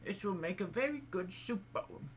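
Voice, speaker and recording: A man's voice: high-pitched, animated, normal speed, a little hiss or hum, pitched above the performer's own voice. A man voicing a fussy woman cooking soup in a spooky story reading. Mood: pleased.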